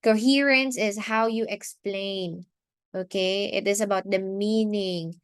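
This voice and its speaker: A woman with a Filipino accent teaches a recorded lesson at an unhurried pace. She works through each point in a measured way, repeating and restarting phrases as she goes. The sound is dry and close, with no room around her voice. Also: mid-range voice, fairly even intonation, clean tone, dry recording. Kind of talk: recorded online lecture.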